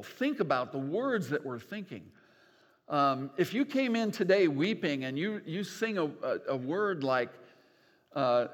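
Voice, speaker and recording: Older pastor preaching with lively, folksy warmth. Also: male voice, on the high side. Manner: animated, folksy, self-deprecating humor. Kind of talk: sermon. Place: church sanctuary. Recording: long church reverb.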